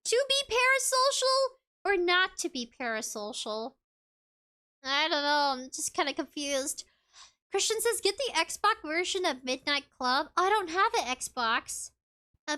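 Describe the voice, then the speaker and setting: A woman's voice: very high voice, bright, forceful tone. A woman VTuber chatting casually on a livestream, reading viewer comments aloud in a bubbly, giggly way. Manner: bubbly and giggly, with frequent laughs. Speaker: VTuber streamer.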